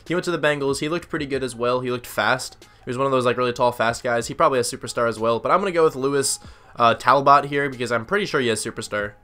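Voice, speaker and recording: A man's voice: medium pitch, fast, sharp tone. A young man giving casual gameplay commentary, chatty and thinking aloud with lots of fillers. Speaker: gaming YouTuber.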